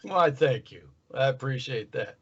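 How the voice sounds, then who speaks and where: An older man, a voice actor, chatting in an easygoing, relaxed way in an interview. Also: mid-range voice, normal speed, slightly rough. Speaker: guest voice actor. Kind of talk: casual interview chat. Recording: dull lo-fi sound.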